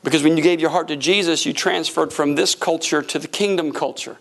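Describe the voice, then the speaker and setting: A middle-aged man preaching a sermon, telling stories and acting out voices in a jokey, animated way. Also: fairly high pitch, a little fast, gravelly. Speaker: pastor. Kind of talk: lively sermon with storytelling.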